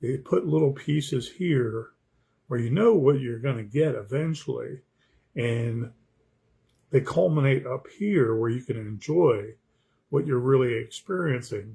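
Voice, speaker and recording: A man's voice: medium pitch, gravelly, dark tone, breathy edge. A man, an author, talking casually about writing, rambling and repeating words, often checking in with the listener. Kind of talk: casual talk on writing craft.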